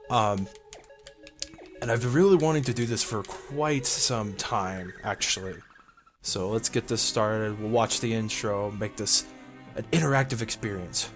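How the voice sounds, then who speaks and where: A man's voice: lowish voice, a little slow. A man hosting a video game playthrough, chatting casually and rambling with lots of fillers. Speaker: let's play host. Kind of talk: casual gameplay commentary. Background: game music.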